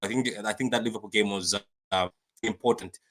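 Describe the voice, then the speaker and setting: A man hosting a fan live stream, chatting excitably about a match and reading viewer comments aloud with lots of repetition. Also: on the low side, a little fast. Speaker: fan channel host.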